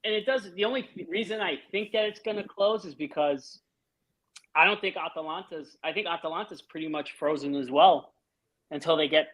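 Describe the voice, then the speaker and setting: A man's voice: on the high side, a little fast, a bit bright, low-quality recording. Rambling man asking football questions. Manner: rambling, full of fillers, asks questions. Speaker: co-host of a football show. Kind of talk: casual watch-along chat.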